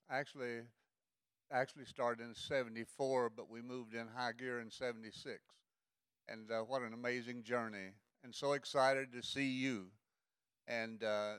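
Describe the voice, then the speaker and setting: Older pastor man, smooth dry voice. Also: medium pitch, a bit bright, no echo. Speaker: guest pastor. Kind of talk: offering prayer.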